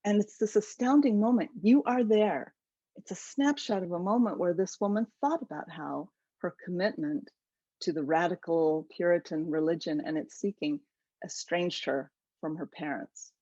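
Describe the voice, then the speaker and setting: A woman author gives an animated, enthusiastic webinar lecture about her book over a video call. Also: on the low side, moderate pace, no room sound. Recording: dull lo-fi webinar audio.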